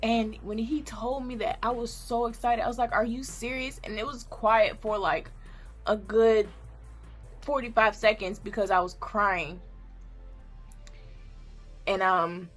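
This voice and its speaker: A woman's voice: on the high side, fairly even intonation, unhurried, pauses often, soft background music. A woman vlogger in her thirties telling a candid, heartfelt personal story, tearful at times. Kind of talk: emotional personal story time.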